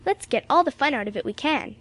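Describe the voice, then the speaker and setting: A spirited young girl, eager and anxious for her friend, as a woman reading aloud voices her. Pitched well above the reader's own voice. Storybook reading. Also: lively intonation, quick pace, a bit bright. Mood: eager, worried.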